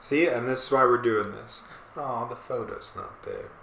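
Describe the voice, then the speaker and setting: A man co-hosting a casual podcast chat, talking in a rambling, animated way and often breaking off mid-thought. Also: mid-range voice, normal speed, creaky, slight background noise. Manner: rambling, animated, self-interrupting. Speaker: podcast co-host. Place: small apartment room. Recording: echoey room.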